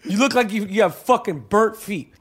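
A man hosting a podcast in casual, profane chat that breaks into shouted rants. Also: high voice, breathy edge. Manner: profane, rapid ranting with shouted tirades. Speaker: podcast host.

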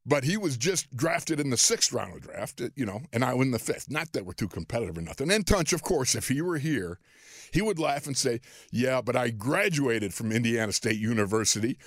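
An older man with a gravelly, middle-pitched voice tells a story from his playing days. He is animated and self-deprecating and chuckles as he goes. The sound is dry and close, with no room around it. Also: a little fast, no echo. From Western New York, USA. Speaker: podcast host, former football player. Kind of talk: storytelling monologue.

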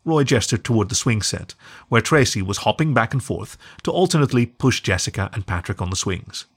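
A man reading a storybook aloud as the storyteller, in an expressive, measured way. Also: lowish voice, husky. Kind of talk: scripted narration.

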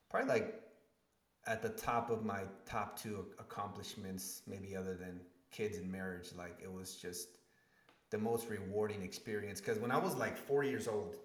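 A man with a very low voice speaks as a podcast guest and tells a personal story with feeling. He acts out the people in it, and the room gives his voice a noticeable echo. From Spanish-speaking family. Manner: animated storyteller, acts out quotes with rising emotion. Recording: echoey room.

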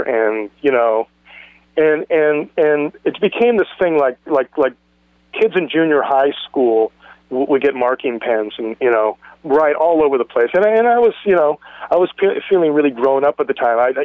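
A man's voice: mid-range voice, no room sound. A man in his sixties with a Californian accent, telling a long story in a rambling way, restarting and repeating words. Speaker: guest musician. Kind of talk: storytelling in an interview. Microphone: phone. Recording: tinny phone line.

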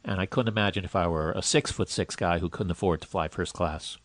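A man hosting a podcast in casual chat, wry and teasing, with sudden jumps in loudness. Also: deep voice, brisk. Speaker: podcast host.

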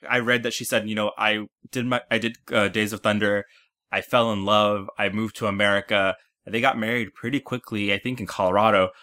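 Gossipy man with a bright voice. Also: fairly low pitch, level tone, a little fast. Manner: gossipy, joking. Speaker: podcast panelist. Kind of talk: casual film chat.

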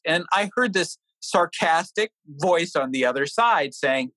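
A middle-aged man from New Hampshire, an author guesting on an interview, explains his thinking and tells an anecdote about his family in a chatty way. His storytelling is animated with a lively pitch, measured in pace with hardly any pauses, captured on a dry, low-quality recording.

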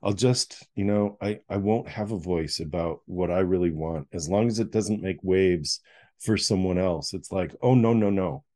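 Middle-aged man, lowish warm voice, animated storytelling guest. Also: moderate pace. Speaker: guest, author. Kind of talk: storytelling in a podcast interview.

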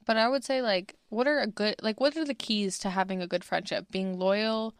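A woman's voice: mid-range voice, fairly even intonation, moderate pace, background noise. A young woman co-hosting a podcast in casual chat, chatty and self-conscious, full of "like". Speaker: podcast co-host.

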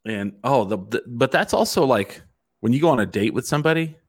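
A middle-aged man telling a profane, animated story in casual chat as a host. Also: mid-range voice, a little fast, husky.

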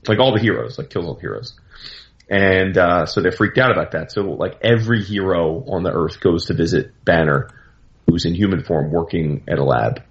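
Deep-voiced man rambling through a recap. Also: normal speed, dull audio. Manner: rambling, filler-heavy, animated asides. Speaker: comics commentator. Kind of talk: casual recap.

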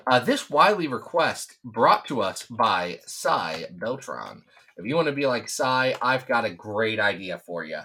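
A man co-hosts a podcast in loose, joking chat, sometimes ranting and then trailing off into mumbles. His pitch is lively and moves a lot. The tone is bright and forceful. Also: a little slow, a little hiss or hum. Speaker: podcast co-host. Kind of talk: casual chat.

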